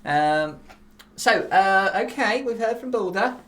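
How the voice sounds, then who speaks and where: A woman's voice: medium pitch, lively intonation, a little slow, fairly bright tone, a little hiss or hum. A woman hosting a comedic dating game in a bubbly, gushing way. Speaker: host.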